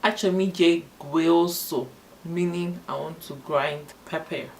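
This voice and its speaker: A woman with a Nigerian Igbo accent teaching the Igbo alphabet. She spells each letter slowly, then runs through example phrases quickly and translates them into English. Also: sits low, fairly even intonation, darkish tone, slight background noise. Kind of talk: alphabet lesson with spoken examples.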